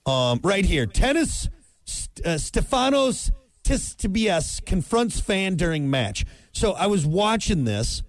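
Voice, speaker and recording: A man co-hosting a morning radio sports segment, telling stories in a rambling, animated way. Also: high-pitched, takes it slowly, dry recording. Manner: rambling, animated storytelling with impressions. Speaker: morning show sports co-host. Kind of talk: casual radio banter.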